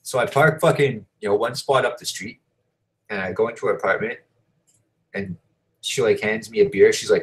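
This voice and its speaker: A man's voice: on the low side, moderate pace, low-quality recording. Profane rambling man telling a story. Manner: profane, rambling, heavy fillers. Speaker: show host. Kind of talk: casual storytelling.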